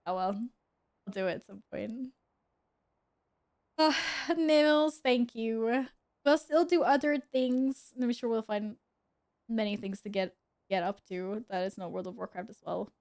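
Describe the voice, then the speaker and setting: A woman's voice: a little high, measured pace, long pauses, darkish tone. A young woman chatting casually with her viewers while gaming at home, giggling and talking to her cat. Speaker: streamer. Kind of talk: casual gaming stream chat.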